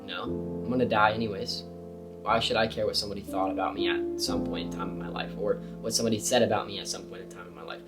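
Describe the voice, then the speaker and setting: A young man giving casual, emphatic advice to camera about confidence and speaking, with slangy, animated delivery. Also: fairly low pitch, quick pace, over loud music. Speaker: self-improvement creator. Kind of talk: casual motivational talk to camera.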